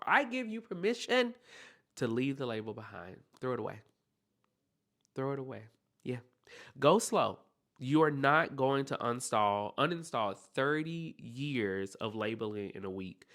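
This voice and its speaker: Male podcast host, heartfelt encouraging monologue, very animated pitch. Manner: earnest, encouraging, speaks straight to the listener.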